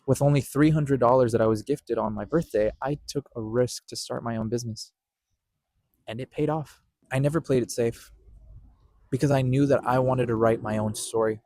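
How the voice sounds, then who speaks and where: A man's voice: mid-range voice, fairly even intonation, moderate pace, mellow, no room sound. Earnest young man telling a personal story. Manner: earnest, repetitive, with self-corrections. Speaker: podcast host.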